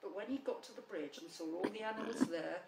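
A woman reading a children's book aloud in a gentle, expressive way. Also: mid-range voice, quick pace, vocal fry, echoey room, far from the mic, noisy background. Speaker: storybook reader.

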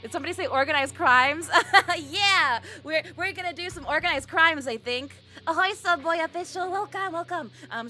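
Woman streamer, high lively voice, giggly and playful with chat, faint game music underneath. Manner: giggly and playful, greets chat with pirate ahoys. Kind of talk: casual live-stream chat while gaming.

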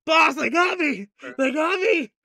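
A man voicing a pear-shaped, waddling beaver-man henchman with big buck teeth, yelping in a high squeak. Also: very animated, very slow, breathy edge, dry recording, clean studio sound, full character voice. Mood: panicked.

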